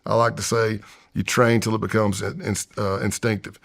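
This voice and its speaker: In a long-form podcast interview, a retired FBI undercover agent in his fifties tells a tense story, acting out his own past voice and whispers. His voice is lowish with vocal fry, and he speaks at a normal speed with a flat delivery.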